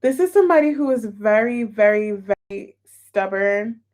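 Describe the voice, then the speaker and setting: A woman's voice: medium pitch, animated, normal speed, darkish tone. A woman reading tarot cards for viewers in a chatty, emotional, exclamatory way. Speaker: tarot reader.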